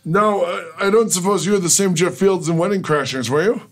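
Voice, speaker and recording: A man's voice: sits high, normal speed. A man co-hosting a radio talk show, teasing his co-host and telling set stories. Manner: storytelling, teasing. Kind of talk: casual radio chat.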